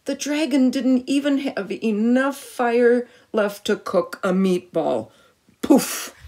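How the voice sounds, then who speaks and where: A woman reading a picture book aloud to a child, animated, with gasps and questions for the listener. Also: fairly high pitch, slow pace.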